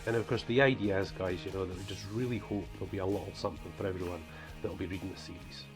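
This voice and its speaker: This man's voice is low and fairly even in intonation, with a quick pace and music playing behind him. He's an author and preacher from northeast Scotland, his accent toned down, chatting loosely to camera about his book series and peppering it with "guys" and "you know."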